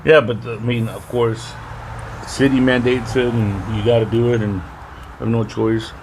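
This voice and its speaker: A man's voice: mid-range voice, steady tone, moderate pace, noisy background. A man in his forties with a parent's life, chatting laid-back on a podcast and swearing casually. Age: 40s. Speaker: podcast co-host. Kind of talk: casual chat.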